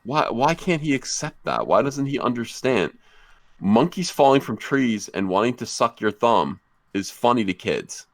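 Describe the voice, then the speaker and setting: A man who creates comics, chatting on a livestream in a joking, deadpan way over a computer mic. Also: medium pitch, moderate pace, dry recording. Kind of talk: casual livestream chat.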